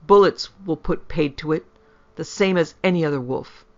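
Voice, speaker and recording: A man's voice: a little high, moderate pace, close to an everyday voice. A man voicing a hunt leader who is choking with rage. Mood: furious. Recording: dull lo-fi.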